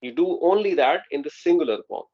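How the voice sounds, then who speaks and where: A man's voice: fairly high pitch, animated, a little fast, muffled recording. A man teaching an Arabic grammar class online, explaining patiently and often checking that students follow.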